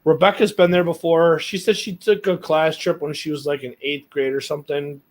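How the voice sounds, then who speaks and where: A man's voice: a little high, level tone, normal speed, darkish tone. A man telling a long, rambling story in casual podcast chat, full of fillers and swearing. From United States. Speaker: podcast co-host.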